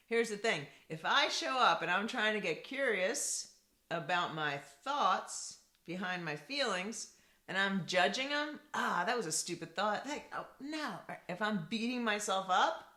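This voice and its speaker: A woman therapist giving a teaching talk to camera, repeating key points and often checking in with a rhetorical "right?". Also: lowish voice. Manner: lively, repetitive, asks rhetorical "right?". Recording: echoey room.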